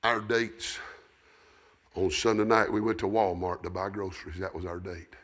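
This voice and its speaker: A middle-aged man with a Southern American accent preaching a sermon, telling folksy stories that build up into shouted preaching. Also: low voice, steady tone, moderate pace. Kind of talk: storytelling sermon.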